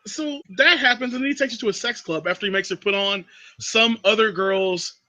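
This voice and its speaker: A man hosting a casual movie review chat, recapping scenes with sarcastic, animated commentary. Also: high voice, brisk, dry recording. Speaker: podcast host.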